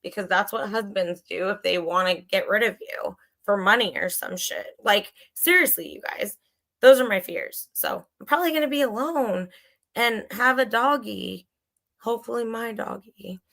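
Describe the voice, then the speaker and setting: A woman in her forties hosts a casual livestream chat with a bright, forceful tone. She speaks candidly and emotionally, rambles and swears freely as she addresses her audience, at a pitch that sits in the middle for a woman. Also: normal speed, vocal fry. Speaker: channel host.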